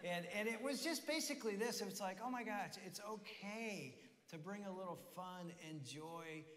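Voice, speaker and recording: A man preaching in a church, telling personal stories in a lively, good-humored way. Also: sits high, normal speed. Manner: lively storyteller, laughing at his own anecdotes. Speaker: pastor. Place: church auditorium. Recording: long hall reverb in church.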